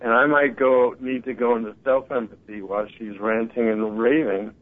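A man talking earnestly in a casual conversation, telling animated stories and quoting other people, heard over a phone call. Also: mid-range voice, normal speed. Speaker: guest. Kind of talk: casual talk show conversation. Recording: tinny phone-line sound.

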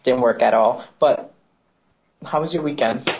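A woman's voice: very deep voice, a little slow, creaky, a little hiss or hum. A young woman co-hosting a casual chat show, telling stories with lots of laughter and quoted voices. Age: 20s. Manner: chatty storyteller, laughs often, animated quoting. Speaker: co-host. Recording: dull lo-fi sound.

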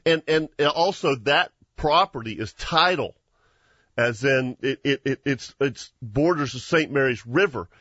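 A man, hosting a hunting show and telling a story in an animated way, with frequent laughs and restarts. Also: mid-range voice, a little slow, no echo, lo-fi sound. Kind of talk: casual storytelling chat.

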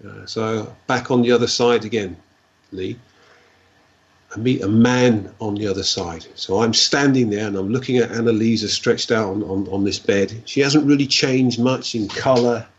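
Male guest, husky voice, stop-start storytelling, dull lo-fi sound. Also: fairly low pitch. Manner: halting, repeats words, fillers like "like, you know". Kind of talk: personal storytelling in a conversation.

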